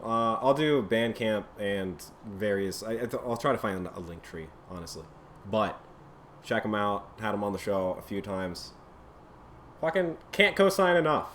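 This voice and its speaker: A man hosts his own podcast and closes the episode in a loose, rambling way, swearing offhandedly. His voice sits a bit low. A faint noise floor runs under the recording. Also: a bit bright. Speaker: podcast host. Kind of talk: casual show sign-off.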